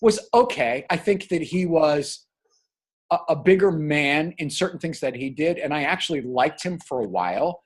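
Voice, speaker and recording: Older guy from new jersey, kinda husky, bit high voice, rambly animated chat w/ "okay?". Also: moderate pace. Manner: animated, digressive, tags remarks with "okay?". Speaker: podcast co-host. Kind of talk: casual chat.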